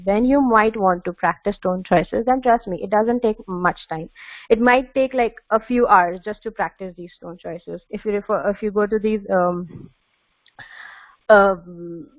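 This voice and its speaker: A woman's voice: mid-range voice, dry recording. A woman presents tips in an online webinar, hesitating often with fillers and restarting her phrases. Her voice sits mid-range. It comes through a thin, phone-like video call line with no room sound. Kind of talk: instructional webinar talk. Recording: tinny phone-like call audio.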